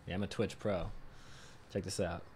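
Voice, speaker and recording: A man's voice: low voice, little pitch movement, moderate pace, darkish tone, a little hiss or hum. A man streaming a game from home, chatting casually, joking, swearing and laughing often. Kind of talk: casual live gaming stream chat. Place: home room.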